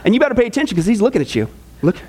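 A man preaching as pastor, telling jokes and bantering with his audience in an animated way. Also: high voice, rapid-fire, a little hiss or hum. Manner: animated, jokey, tosses in audience asides. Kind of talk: joking sermon.

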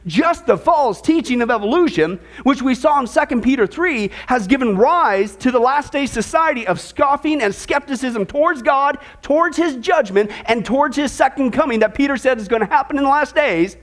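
A man preaching a sermon to his listeners, calling them folks, with repeated words and animated emphasis. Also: very high voice, moderate pace, few pauses. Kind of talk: sermon with a joke.

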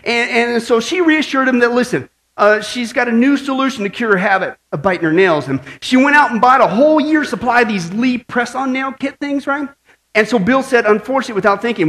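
A man's voice: extremely high pitch, fairly quick. A man preaching a sermon as pastor, opening with a long joke and checking in with "right?" and "okay?" after nearly every line. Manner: lively storytelling, frequent "right?" and "okay?" asides.

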